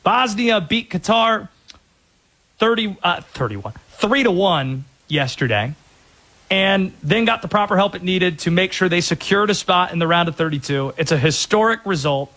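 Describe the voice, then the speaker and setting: A man's voice: sits high, expressive, moderate pace, pushed and bright. A man hosting a sports show, giving an emphatic, opinionated soccer analysis.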